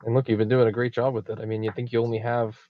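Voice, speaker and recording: A man hosting a casual interview over a video call, encouraging and quick to react with short exclamations. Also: medium pitch, little pitch movement, no echo. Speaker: podcast host. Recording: dull lo-fi video call audio.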